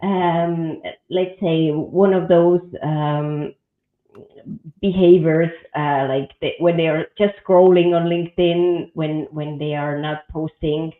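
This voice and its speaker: Female host, halting speech, tinny echoey call line. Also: low voice, fairly even intonation. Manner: halting, with many fillers and restarts. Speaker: host, headhunter. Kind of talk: casual video-call chat. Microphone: video call.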